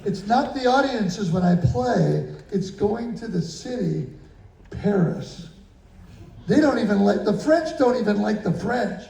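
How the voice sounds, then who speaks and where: Man, animated storyteller, gravelly, roomy far-off sound. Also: sits high, measured pace, slight background noise. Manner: animated, jokey, acts out voices and drum sounds. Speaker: guest drummer answering questions. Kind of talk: casual storytelling Q&A. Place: indoor venue before an audience. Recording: roomy, distant audience recording.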